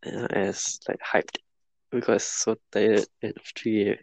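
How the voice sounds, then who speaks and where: A man's voice: fairly low pitch, little pitch movement, slow, creaky, a little mellow, dry recording, low-quality recording. A young man from Singapore with a Singaporean English accent, co-hosting a podcast and rambling tiredly with many restarts. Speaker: podcast co-host. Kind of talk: casual late-night chat.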